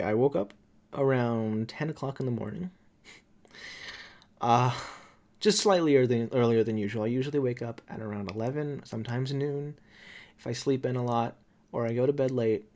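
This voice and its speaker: A man's voice: medium pitch, normal speed, pauses often, darkish tone. A man reacting to manga chapters, emotional and profane, laughing through his frustration. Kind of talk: casual reaction commentary.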